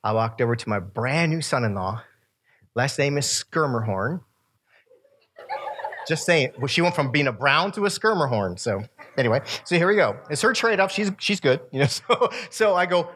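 A man in his fifties delivers a sermon-style talk to young people, telling stories, laughing at his own asides and addressing the room. His medium-pitched voice is very animated and a bit bright, moving at a moderate pace.

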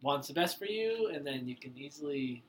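A young adult man co-hosting a podcast, telling stories in relaxed casual chat with lots of fillers. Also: on the high side, a little fast, a little hiss or hum. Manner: relaxed storytelling with many fillers. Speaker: podcast co-host.

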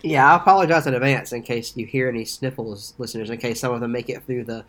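A man's voice: medium pitch, steady tone, fast, fairly bright tone. A man co-hosting a casual podcast with a congested, stuffed-up nose, talking in a laid-back way. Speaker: podcast co-host.

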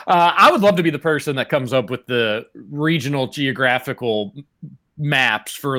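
A man's voice: medium pitch, normal speed, pushed and bright. A man co-hosting a casual sports podcast, wry and opinionated, rambling through his points. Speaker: podcast co-host.

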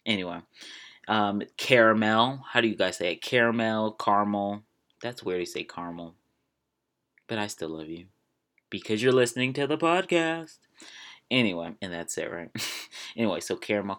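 Chatty man from Maryland, low voice. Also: a bit bright. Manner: chatty, self-amused, drifts off on tangents. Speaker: podcast host. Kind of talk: casual solo podcast chat.

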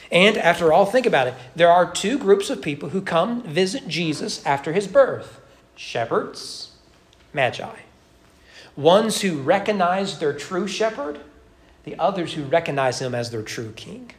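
A male pastor preaches an evening sermon, leaning on emphatic rhetorical questions. His voice sits a little high for a man. It rings out with the echo of a church sanctuary. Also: animated, unhurried.

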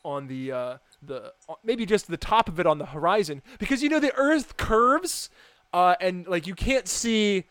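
Laughing a lot and restarting his thoughts, a young American podcast co-host chats casually. His high voice has lively intonation and a slightly bright, smooth quality at a moderate pace, with no echo.

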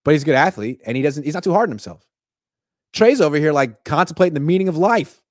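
Give me an animated man doing casual sports commentary, with a lively, dry voice. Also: on the high side, no echo. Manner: animated, jokey, quick asides.

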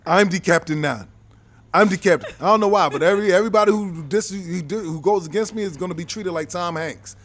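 A man's voice: high-pitched, quick pace, hardly any pauses, a little hiss or hum, natural voice. A man voicing a boastful, self-crowned African king in a put-on accent, talking in a commanding, mock-regal way.

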